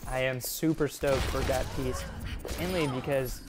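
A man giving casual, excitable gameplay commentary, laughing and easily distracted as he plays. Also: mid-range voice, measured pace, background noise. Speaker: gaming YouTuber.

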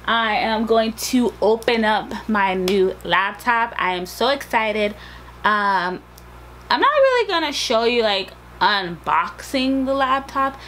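A woman vlogging with breathless excitement, repeating herself as she talks. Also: fairly high pitch, slow, slight background noise, rough recording. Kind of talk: casual vlog.

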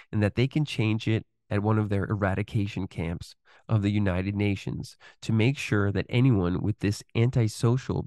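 Deep-voiced man, dry close sound. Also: mellow, dry recording. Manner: deliberate reading, halting with fillers when speaking freely. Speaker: podcast host. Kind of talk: reading a text aloud with commentary.

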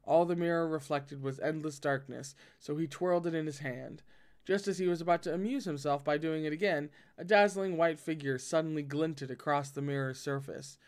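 Man reading a novel aloud, fairly high voice. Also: normal speed. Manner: dramatic, swearing reactions between passages. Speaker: audiobook reader and reactor.

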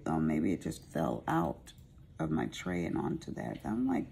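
A woman with a very low, gravelly and husky voice chats while she crafts. She rambles and pokes fun at herself in a slow, unhurried way, and her pitch rises and falls a lot. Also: wildly swooping pitch, warm tone, slight background noise. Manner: rambling, chatty, self-mocking. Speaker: craft vlogger. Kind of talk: casual chat while crafting.

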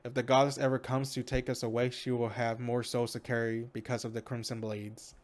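A man's voice: medium pitch, little pitch movement, fairly quick, close to an everyday voice. A hearty, commanding noble lord, read aloud by a man in a mid-range voice, formal and rallying. He speaks like a leader thanking his fighters. The delivery is plain read-aloud game dialogue.

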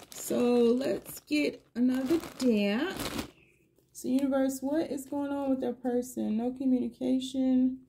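A woman's voice: high voice, creaky, dark tone, a little hiss or hum. A middle-aged woman giving a collective tarot reading, musing aloud and asking the universe the same questions again and again as she pulls cards. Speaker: tarot reader.

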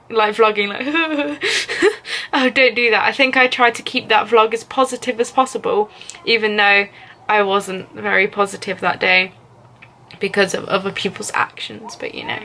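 A woman's voice: mid-range voice, pushed and bright. A young woman from England vlogging casually to camera, rambling with many fillers and frequent giggles. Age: young adult.

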